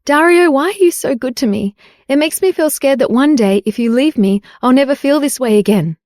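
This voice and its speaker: A woman's voice: high voice, lively intonation, brisk, darkish tone, no echo, studio quality, pitched above the performer's own voice. A woman voicing a young actress, an anxious and tender wife, who speaks in a pleading, tearful way.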